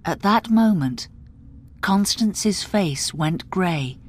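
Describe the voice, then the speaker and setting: A woman narrating a graded reader story in a clear, deliberate storytelling manner. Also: lowish voice, animated.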